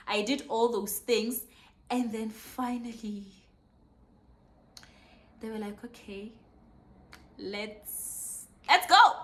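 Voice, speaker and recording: A young South African woman with a South African accent telling a personal story, excitable and emotional. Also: medium pitch. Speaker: vlogger. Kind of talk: casual storytime.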